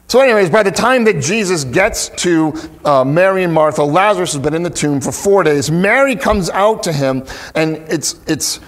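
A man preaching a sermon, reading scripture slowly and carefully, then stepping aside to explain it in a relaxed, conversational way. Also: fairly high pitch. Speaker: pastor.

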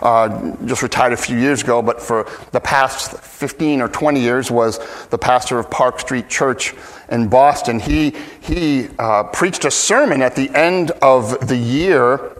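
A man's voice: mid-range voice, measured pace. A man preaching a sermon as a pastor, earnest and emphatic, often restarting his phrases.

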